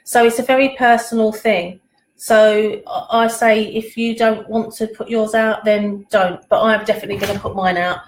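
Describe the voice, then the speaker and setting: A woman's voice: medium pitch, steady tone, normal speed. Chatty woman in a roomy room. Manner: chatty and rambling, laughs often. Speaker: pendulum reader hosting a live session. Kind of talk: casual live-stream chat answering viewer comments. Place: at home, in a living room.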